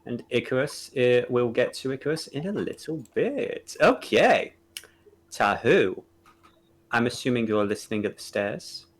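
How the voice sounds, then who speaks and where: Slow-paced man running a tabletop game. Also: medium pitch, animated, rough recording. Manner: unhurried, full of fillers. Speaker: dungeon master. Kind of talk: tabletop game narration on a live stream.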